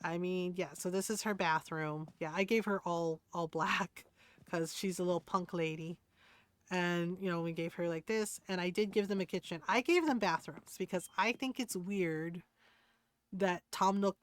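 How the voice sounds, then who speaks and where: A woman's voice: fairly low pitch, normal speed, no echo. A young woman streamer chatting casually and rambling a little as she shows off her game.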